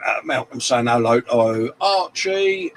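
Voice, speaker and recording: A man's voice: medium pitch, lively intonation, takes it slowly, low-quality recording. A middle-aged man, hosting a casual live stream and reading out viewer comments in matey banter. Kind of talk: casual chat.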